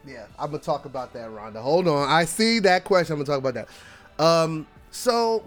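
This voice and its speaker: A man in his forties, voice sitting a bit high for a man, tells a story on his podcast. He acts out the other people's lines with lively swings and laughs a lot along the way. Soft music plays faintly underneath. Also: brisk. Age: 40s. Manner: animated, acts out quoted dialogue, laughs often. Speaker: podcast host. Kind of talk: casual storytelling monologue.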